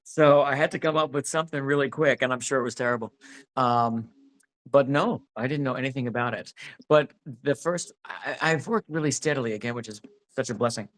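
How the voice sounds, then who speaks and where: A man with a medium-pitched, fairly bright voice talks briskly as an interview guest about his acting work. He's casual and rambling, restarting his sentences many times.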